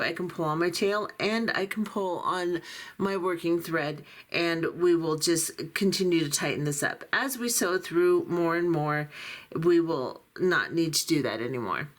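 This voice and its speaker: A middle-aged or older woman giving patient, step-by-step beading instructions while she works with her hands. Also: fairly low pitch. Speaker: beading tutorial host.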